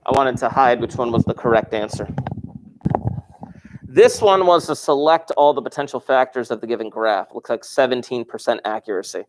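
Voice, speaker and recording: A man's voice: mid-range voice, normal speed. Jokey male math teacher thinking aloud. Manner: jokey, chatty, thinking aloud while working problems. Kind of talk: recorded class review lesson.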